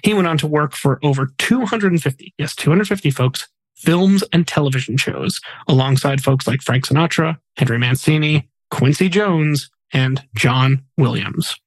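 Male podcast host, slightly high voice, casual reader who slips in jokes. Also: normal speed, no room sound, low-quality recording. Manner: chatty, jokey asides between solemn facts. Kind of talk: casual podcast narration of memorial segments.

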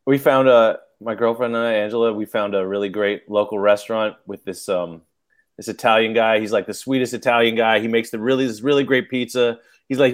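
A male comedian rambles through a casual podcast chat, hedging with fillers and breaking into laughs. His voice sits at an ordinary middle pitch. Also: steady tone, fast talker. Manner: rambling, hesitant, laughs often.

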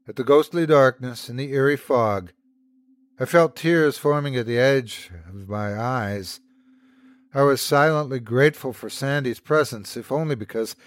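A male storyteller reads a scary story in a slow, hushed way that builds suspense. His voice sits at a middle pitch for a man. He is the host and narrator of the show. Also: no echo, clean studio sound. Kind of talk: scripted horror story narration.

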